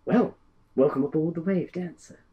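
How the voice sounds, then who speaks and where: A man voicing a poised, commanding female pirate captain in a tabletop game, with arch, drawn-out questions. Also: a little high, highs cut off, lightly acted. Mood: cool, arch.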